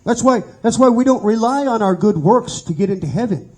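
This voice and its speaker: A man delivers an informal sermon with a high-pitched, husky voice. His tone is mellow and dark, and he tells stories earnestly, often stumbling and repeating words as he restarts. He talks plainly and pleads with his listeners. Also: animated, brisk, rough recording. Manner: stammering repetitions, earnest storytelling. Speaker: pastor.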